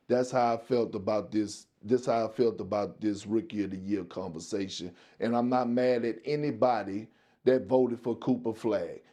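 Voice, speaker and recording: Mellow-voiced folksy male analyst. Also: lowish voice. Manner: folksy, homespun comparisons, stumbling restarts. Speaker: sports analyst. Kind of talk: sports debate commentary.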